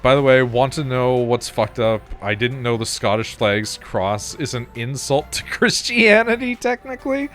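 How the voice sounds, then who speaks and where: Male streamer, mid-pitched voice, loose and swearing, light music underneath. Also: expressive, normal speed, few pauses, fairly bright tone. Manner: chatty and laughing, swears freely while telling anecdotes. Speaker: gaming streamer. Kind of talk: casual gameplay commentary.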